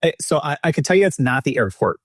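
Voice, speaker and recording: A man hosting a podcast, telling a long travel story in casual chat, animated and swearing, and acting out the people in it. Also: a little high, fast, husky, no echo, clean studio sound. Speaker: podcast host.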